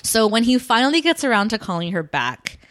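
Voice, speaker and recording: A woman's voice: fairly high pitch, big pitch swings, fairly quick, a bit bright. A young woman co-hosting a podcast, casually recapping a TV show in a rambling, chatty way. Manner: chatty, rambling, laughs often. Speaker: podcast co-host.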